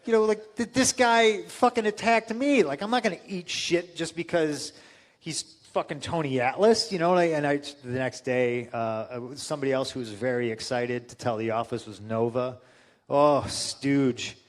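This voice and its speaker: A man's voice: medium pitch, moderate pace. A man in casual storytelling, blunt and profane, acting out other people's lines as he goes. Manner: blunt, animated, quotes others in voices. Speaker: wrestling guest.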